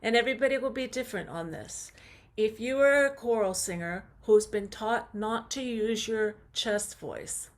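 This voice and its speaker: A woman teaching a vocal warm-up over a video call, coaching in an encouraging way and singing short demonstration phrases. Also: fairly high pitch, moderate pace. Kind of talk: online vocal warm-up lesson.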